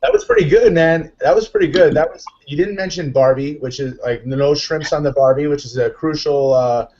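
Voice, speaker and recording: A man hosting a live online chat show, excitable and upbeat, rambling with lots of fillers. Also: on the high side, fairly quick, dull audio, slight background noise. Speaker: host.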